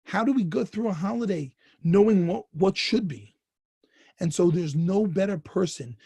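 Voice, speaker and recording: Husky, gravelly rabbi teaching a lesson. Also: male voice, high voice, warm tone, no echo, studio quality. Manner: storytelling, rising to fervent emphasis. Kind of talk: Torah lesson.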